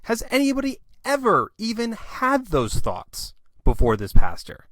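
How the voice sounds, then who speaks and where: A man's voice: very high voice, wildly swooping pitch, measured pace, fairly bright tone, no echo. A man hosting a sermon review, speaking with blunt, skeptical criticism. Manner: skeptical and blunt, challenges the preacher. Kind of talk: critical commentary.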